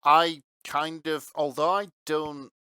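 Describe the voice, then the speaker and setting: A man co-hosting a casual podcast chat, lively and quick to laugh. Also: on the high side, clear, resonant tone, no echo, studio quality. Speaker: podcast co-host.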